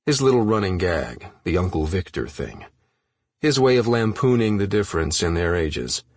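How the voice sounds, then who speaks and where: A man narrating an unabridged thriller audiobook in a measured, steady reading voice. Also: sits low, dry recording, studio quality.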